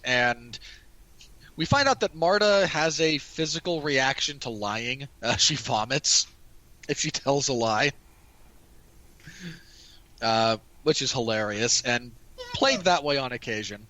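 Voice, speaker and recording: A man's voice: mid-range voice, sharp tone, dry recording, low-quality recording. A man hosting a casual movie review podcast, rambling with many restarts and repeated "again". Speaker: podcast host.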